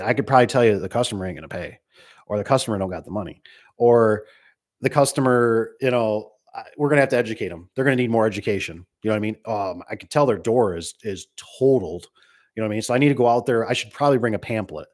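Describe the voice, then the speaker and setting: A man's voice: medium pitch, a little mellow. A man who runs a garage door business, giving casual, rambling advice and acting out little exchanges with customers. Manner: rambling, folksy, acts out dialogue.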